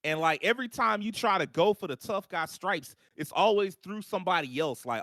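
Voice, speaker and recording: A man co-hosting a live show, chatting casually in long animated runs full of "like" and acted-out quotes. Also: fairly high pitch, moderate pace, no echo, studio quality. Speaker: podcast co-host. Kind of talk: casual live-stream chat.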